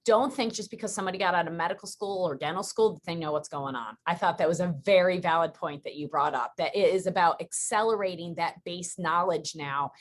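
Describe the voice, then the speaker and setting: A woman from Western New York hosting a podcast, chatting casually and telling stories with quick, rambling asides. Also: on the low side, a little hiss or hum. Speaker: podcast host. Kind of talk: casual interview chat.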